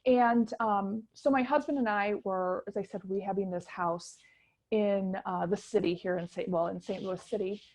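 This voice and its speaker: A middle-aged woman, telling her story as a guest in a casual interview, animated and chatty with many restarts. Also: medium pitch, normal speed. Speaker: guest chef.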